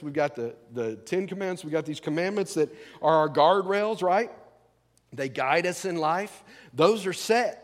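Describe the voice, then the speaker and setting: A man's voice: on the high side, expressive, a little slow. A male pastor preaching a sermon in a folksy, conversational way, asking the congregation questions. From rural American South. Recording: long hall reverb.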